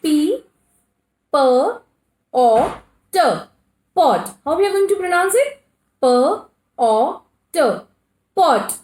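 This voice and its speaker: In an echoey room, a woman with an extremely high-pitched, animated yet darkish voice leads a kindergarten phonics lesson in Indian English. She speaks slowly, sounding out each letter one at a time and asking questions she then answers herself.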